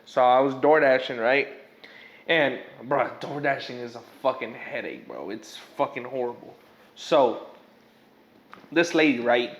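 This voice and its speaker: A man's voice: medium pitch, lively intonation, unhurried, highs cut off. A young man in casual podcast chat, telling a story in a rambling, profane way full of fillers. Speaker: podcast guest or host. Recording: echoey room.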